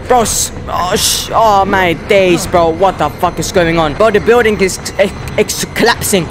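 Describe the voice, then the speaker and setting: Jumpy, cursing gamer. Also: male voice, high voice, normal speed, few pauses, over music. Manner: jittery, swearing, talking back to game characters. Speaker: gaming channel host. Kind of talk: horror game playthrough commentary.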